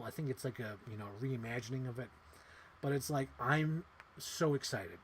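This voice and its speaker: A man in his thirties hosting a casual livestream, rambling excitedly and swearing casually. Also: on the high side, slight background noise. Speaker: livestream host.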